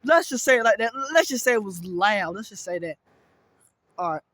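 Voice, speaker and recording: A man filming himself outdoors in strong wind, rambling excitedly and repeating himself. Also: sits high, moderate pace, no echo. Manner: excitable, rambling, repeats phrases, says y'all often. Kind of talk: casual outdoor weather vlog.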